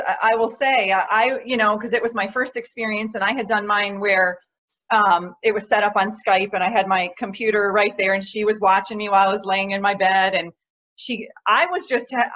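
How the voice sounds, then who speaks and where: A woman's voice: mid-range voice, lo-fi sound. A woman hosting an interview, animatedly sharing her own experience and asking questions. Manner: animated, shares personal experience. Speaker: podcast host. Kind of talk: conversational interview.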